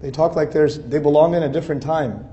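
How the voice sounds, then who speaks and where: A man's voice: on the high side, steady tone, a little fast, mellow, lo-fi sound. A man giving an earnest religious lecture, building lists of phrases and rising to emphatic peaks. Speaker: Islamic speaker. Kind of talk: lecture to a Muslim audience.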